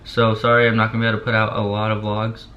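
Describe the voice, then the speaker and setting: A man's voice: on the low side, monotone, racing, pushed and bright. A young man vlogging casually, drowsy on pain medicine and barely opening his mouth, rambling with lots of "like" and repeats. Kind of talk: casual chat to camera. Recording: dull lo-fi sound with faint hiss.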